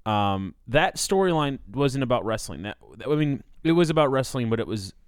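A man's voice: mid-range voice, sing-song, moderate pace, smooth, no room sound, studio quality. A man co-hosting a casual podcast, joking and enthusiastic, acting out quotes from other people. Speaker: podcast co-host.

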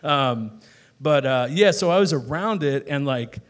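A man from Chicago, appearing as a guest on a live stage show at a bar venue, tells stories in a rambling, casual onstage chat packed with filler words. His voice is fairly high-pitched with lively intonation and a measured pace.

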